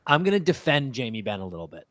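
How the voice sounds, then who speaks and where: A man co-hosting a live sports podcast, talking in an animated, argumentative way and swearing freely. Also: mid-range voice, quick pace, no echo, clean studio sound. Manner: animated, swears freely, argues his point. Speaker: podcast co-host. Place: podcast studio.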